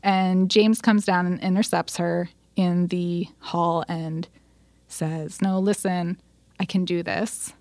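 A woman's voice: on the low side, slow pace, no echo. A woman co-hosting a podcast, retelling a story in casual chat with lots of fillers and quoted voices. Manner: animated retelling, acts out quotes, frequent fillers. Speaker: podcast co-host.

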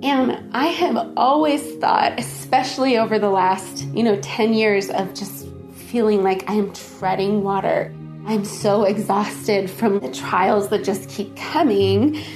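A woman casually telling a personal story, laughing often and acting out the dialogue in lively voices. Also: mid-range voice, a little slow, over music.

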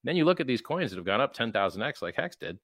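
A man's voice: medium pitch, sing-song, very fast, a bit bright, no echo, studio quality. A man being interviewed, talking emphatically and acting out quoted exchanges in mocking voices. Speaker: guest, crypto founder. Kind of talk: animated interview talk.

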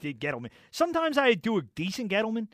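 A man hosts sports talk radio in a loud, mocking, animated rant. His voice sits high and swings widely in pitch. He is close on a dry studio mic. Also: fast, dry recording. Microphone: studio microphone.

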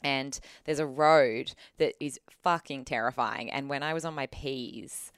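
A woman's voice: very deep voice, a little slow, clean tone, no echo, studio quality. An Australian woman in her thirties, co-hosting a casual podcast, telling a story in a chatty, sweary, rambling way. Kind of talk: casual chat.

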